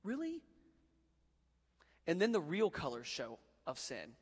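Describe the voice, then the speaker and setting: A male pastor gives a sermon in a loose, joking, conversational way and addresses the crowd as guys. His voice is a little high for a man. The sound carries the long reverb of a large hall. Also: very animated, normal speed, breathy edge. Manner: casual and joking, talks to the crowd as guys, bro and dude.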